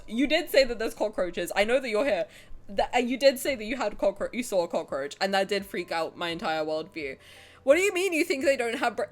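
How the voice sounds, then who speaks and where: Young woman streamer, swears a lot, laughs loud, voice jumps all over, faint music behind. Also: high-pitched, normal speed. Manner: animated, swearing, bantering with chat, bursts of laughter. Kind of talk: casual live-stream chat.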